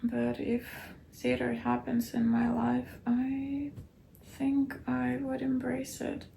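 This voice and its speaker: Woman, actor, weary diary voice; fairly high, heavy vocal fry, soft and often whispering. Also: completely flat delivery, takes it slowly, a little hiss or hum. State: weary, low on energy. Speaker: actor keeping a video diary. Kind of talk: late-night video diary.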